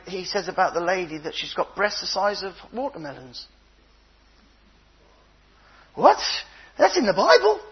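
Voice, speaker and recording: Older man preaching, high husky voice, animated storytelling, slightly dull recording. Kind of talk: sermon.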